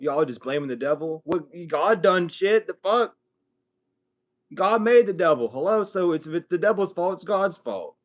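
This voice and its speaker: A young man hosts a late-night livestream in a loose, unscripted monologue. He talks bluntly and swears freely, and his voice sits at an ordinary middle pitch. He often climbs into loud, heated bursts. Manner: blunt, profane, rising to heated outbursts. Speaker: livestream host.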